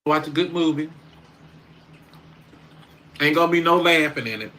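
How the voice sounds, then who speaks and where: A man's voice: a little high, moderate pace, bright, forceful tone. A man chatting casually on his livestream, rambling and talking straight to his viewers.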